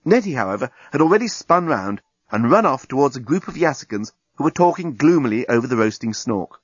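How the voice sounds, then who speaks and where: A man narrating an audiobook in a lively, expressive reading. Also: mid-range voice, a little fast, slightly rough, dry recording. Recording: dull dry recording.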